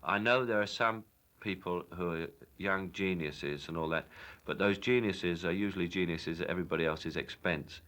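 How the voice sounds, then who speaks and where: Bright-voiced Cockney man, low and wry. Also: moderate pace. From London, England. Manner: wry storytelling with hesitant restarts. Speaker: actor. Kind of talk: anecdotal interview.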